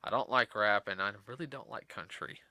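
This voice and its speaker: Tired man rambling in bright tones. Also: lowish voice, a little fast, creaky, no room sound. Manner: rambling, many fillers and restarts. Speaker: guest host. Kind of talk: casual podcast chat.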